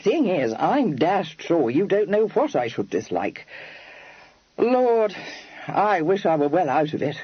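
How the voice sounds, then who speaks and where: A man voicing a blunt, gloomy young gentleman who talks in clipped, slangy bursts. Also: a little high, sing-song, slow, husky, no echo, highs cut off, pitched above the performer's own voice, heavily acted.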